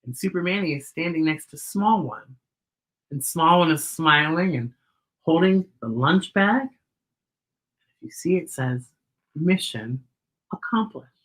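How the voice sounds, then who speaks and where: A woman hosting a children's story time, reading a picture book aloud in an expressive way and speaking to the children directly. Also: low-pitched, measured pace, long pauses.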